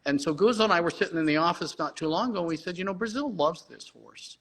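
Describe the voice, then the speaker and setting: A middle-aged man, a horse breeder and guest, telling a long story in an excited way and often restarting his sentences. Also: fairly high pitch, fast, poor audio. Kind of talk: animated storytelling.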